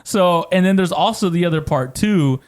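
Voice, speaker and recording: A man with a high voice co-hosts a podcast, speaking at a moderate pace as he tells funny stories in casual conversation. He's animated, laughs a lot, and swears freely.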